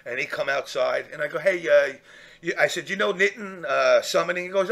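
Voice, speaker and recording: A man telling a profane, animated story in casual chat, acting out the people he quotes. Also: a little high, a little fast, creaky.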